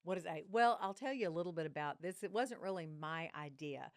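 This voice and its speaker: A woman, a guest on a podcast, telling family stories in an animated way and acting out the voices of the people in them. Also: lowish voice, fairly quick, no room sound, studio quality. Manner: animated storyteller, acts out quoted voices. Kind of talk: casual podcast conversation, storytelling.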